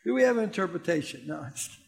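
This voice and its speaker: Lively pastor preaching with a high voice. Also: male voice, fast talker, vocal fry. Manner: animated, swings from loud exclamations to quiet asides; conversational, asks the audience questions. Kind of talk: sermon.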